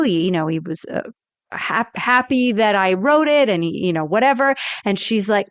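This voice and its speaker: A woman from Florida co-hosting a podcast, with a smooth, resonant voice recorded dry and close. She tells stories with animation and acts out the characters' lines as she goes. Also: medium pitch, lively intonation, normal speed, no room sound. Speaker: podcast co-host. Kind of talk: casual chat.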